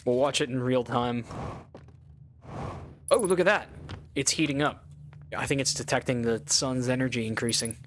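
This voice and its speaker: A man's voice: mid-range voice, flat delivery, fairly quick, slight background noise. Rambling gamer man thinking aloud. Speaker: let's play gamer. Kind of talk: casual gameplay commentary.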